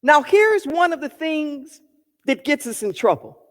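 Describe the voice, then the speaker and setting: A woman's voice: high voice, big pitch swings, a little slow, big-room sound. A woman minister giving a sermon, emphatic and repeating key phrases for weight.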